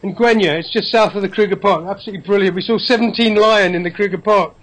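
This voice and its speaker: A man in his fifties from England, chatting about football over a video call, opinionated and quick with asides. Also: high-pitched, fairly bright tone, dry recording, rough recording. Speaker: football commentator guest.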